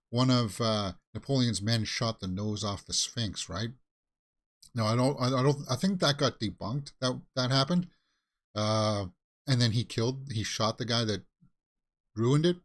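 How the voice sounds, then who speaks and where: A man hosts a movie talk show and gives his casual take on a new trailer. He talks in a loose, rambling way, with plenty of ums and restarts, and his pitch sits in the middle. Faint music plays under his voice. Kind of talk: casual trailer reaction commentary.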